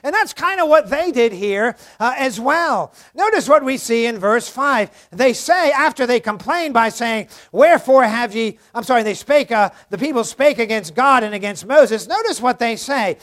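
A man's voice: very high voice, lively intonation, moderate pace, hardly any pauses, a bit bright. A middle-aged man, a pastor, preaching a sermon in an earnest way and asking his listeners questions.

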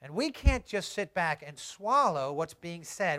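A man, a pastor, delivering a sermon with animated storytelling, moving from soft asides to loud, emphatic preaching. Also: fairly high pitch, moderate pace.

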